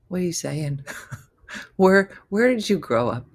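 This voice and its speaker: Gravelly low-voiced woman host in her fifties. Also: big pitch swings, slow pace. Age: 50s. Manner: chatty, teasing, playfully incredulous. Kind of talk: casual live chat reading viewer comments.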